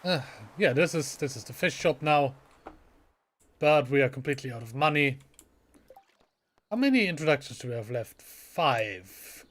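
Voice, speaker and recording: A man's voice: medium pitch, expressive, moderate pace, pauses often, a bit bright. A man giving casual, chatty let's play commentary with a self-deprecating streak, reading game lines aloud. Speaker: gaming channel host.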